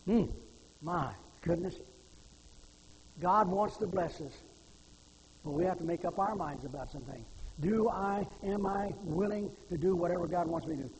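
An older male preacher with a high voice delivers a sermon in a church. He moves between homespun storytelling and fervent pleading. The sound carries a long hall reverb and a faint hum of background noise. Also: darkish tone. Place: church sanctuary.

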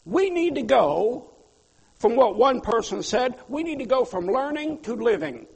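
A man preaching a sermon as a pastor, swinging between loud pleas and quiet asides. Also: extremely high pitch, very animated, a little slow, creaky, husky. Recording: long hall reverb.

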